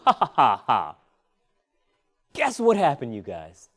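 A male preacher telling a personal story in a sermon, animated and often laughing, drawing "Amen" responses. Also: mid-range voice, slow pace.

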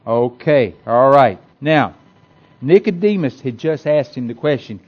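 A man's voice: mid-range voice, expressive, measured pace, highs cut off. A man preaching a sermon to a congregation in a folksy, conversational way, repeating himself and restarting often. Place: church hall with a congregation.

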